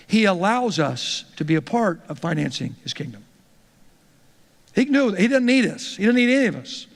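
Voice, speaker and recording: A man's voice: high voice, lively intonation, fairly quick, long reverb tail. A male pastor teaching church leaders in a conversational, storytelling way, often repeating words as he starts a thought.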